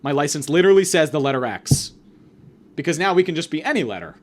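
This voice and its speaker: A young man hosts his own comedy podcast and rants alone in mock-grandiose bursts. His voice sits a little high and bounces lively up and down. He veers suddenly between loud and quiet. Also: moderate pace, long pauses. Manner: mock-grandiose ranting with sudden shifts in volume. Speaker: podcast host. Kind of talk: solo comedic monologue.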